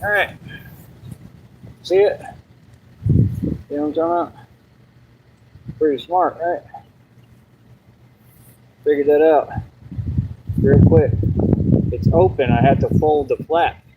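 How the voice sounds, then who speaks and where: A man vlogging casually about his fitness training, rambling and breaking into high squeaky shouts. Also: slow, long pauses, phone-quality sound, noisy background. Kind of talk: casual vlog talk to camera.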